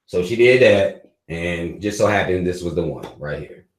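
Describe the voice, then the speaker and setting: A man's voice: low-pitched, normal speed, roomy sound, poor audio. A man hosting a live stream, giving loose, profane commentary with frequent laughs. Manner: animated, swearing, laughing often.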